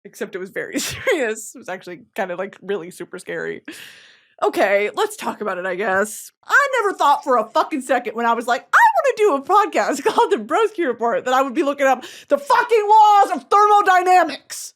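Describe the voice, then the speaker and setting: A young woman hosting a comedic podcast, swearing freely and jumping from low mutters to loud squealing outbursts. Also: very animated, brisk. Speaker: podcast host.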